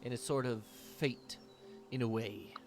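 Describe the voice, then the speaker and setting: A man's voice: medium pitch, fairly even intonation, measured pace, soft background music. Laid-back man running a tabletop game. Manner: casual, laughing, full of fillers. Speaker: game master.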